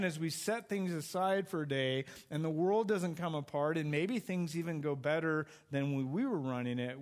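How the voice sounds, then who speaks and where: A middle-aged pastor preaches a sermon in a conversational way, putting lots of questions to his congregation. His voice sits on the high side and has a fairly bright tone.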